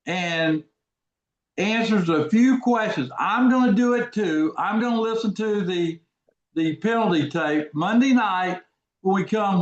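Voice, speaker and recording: A man hosting a casual live trading webinar, folksy and repetitive, who quizzes his audience. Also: sits high. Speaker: trading course host. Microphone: video call. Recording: echoey, dull lo-fi audio.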